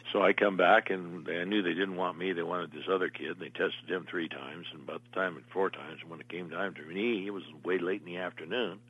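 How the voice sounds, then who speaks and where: A man's voice: deep voice, steady tone, brisk, hardly any pauses, slightly rough, lo-fi sound. An older man, an actor, telling long meandering stories as an interview guest. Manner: meandering anecdotal storyteller. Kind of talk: casual interview storytelling.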